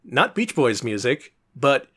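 A man's voice: mid-range voice, sing-song, slow pace, a bit bright. A man co-hosting a casual podcast about retro games, explaining things in a wry, chatty way and laughing often. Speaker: podcast co-host.

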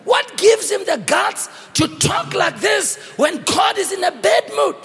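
High-voiced, gravelly preacher man in a reverberant hall. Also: very animated, measured pace, soft background music. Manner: dramatic preaching, acts out dialogue with shouts. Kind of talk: sermon.

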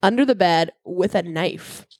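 A woman's voice: lowish voice, unhurried, dry recording, studio quality. A young woman co-hosting a podcast, chatting directly and with many restarts. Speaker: podcast co-host. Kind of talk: casual chat.

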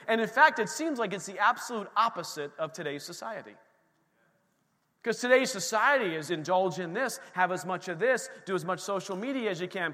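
A man with a high, bright voice preaches a sermon from a church platform. He talks in an animated way, acts out the voices he quotes and calls out to the congregation. The sound carries a long reverb from the hall. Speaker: pastor. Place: church sanctuary.

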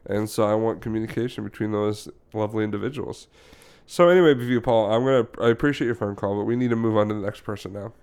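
Playful, low-voiced male podcast host. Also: a little mellow, smooth. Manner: playful, quick to question. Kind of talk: casual chat.

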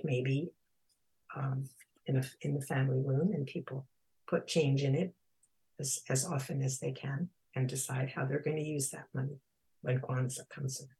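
In an informal lesson on Kwanzaa, this speaker reads passages from a children's book and slowly spells out the Swahili words. The delivery is thoughtful, with pauses and fillers. The voice sits at a medium pitch, slightly mellow with a breathy edge.

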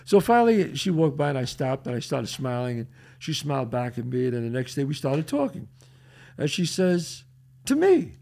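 An older man, hosting a podcast and telling a profane, animated story in which he acts out the quotes. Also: mid-range voice, a little fast, vocal fry. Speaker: host.

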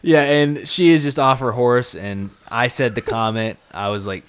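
A man's voice: medium pitch, steady tone, moderate pace, a bit bright, clean tone. A young man co-hosting a casual podcast chat, telling a story and acting out the quoted lines. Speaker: podcast co-host.

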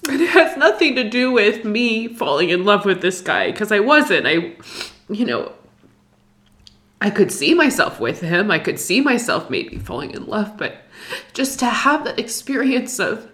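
A young woman telling an emotional personal story, halting and distressed, full of fillers and restarts. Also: mid-range voice, sing-song, a bit bright. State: distressed, near tears.

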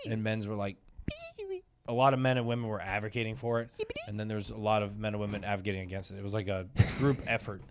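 A man's voice: on the low side, fast talker, noisy background. A young American man co-hosting a crude, casual podcast chat, rambling and laughing. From United States. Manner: rambling, laughing, animated with sudden shouty bits. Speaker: podcast co-host.

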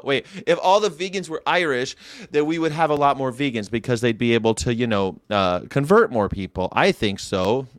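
A Southern California man hosts a casual vegan livestream on his channel, animated and rambling as he jumps between jokes and pleas. His pitch is medium, and the studio-quality sound has no echo.

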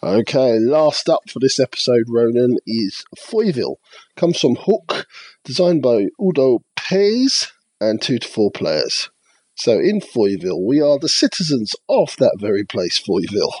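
A man with a husky, slightly breathy voice lays out game rules one step at a time, his pitch rising and falling a lot as he goes. He sounds like a podcast co-host in easy conversation, recorded dry and close on a podcast mic. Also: big pitch swings, unhurried, darkish tone, no echo. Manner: methodical, walks through game rules step by step. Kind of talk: casual chat reviewing board games.

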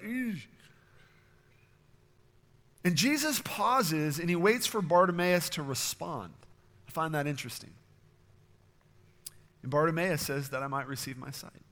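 A man preaching a sermon as pastor, earnest and steady, sometimes acting out quoted voices. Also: sits high, in a large hall.

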